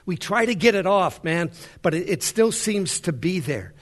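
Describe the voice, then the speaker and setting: A male pastor preaching a sermon in a large worship center, swinging between hushed storytelling and rising fervor. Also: high voice, animated, moderate pace.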